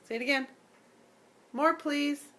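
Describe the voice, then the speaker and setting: Slow, bright-voiced mother coaxing her toddler. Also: high-pitched. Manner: patient, repetitive prompting, sing-song. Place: home bathroom by the bathtub.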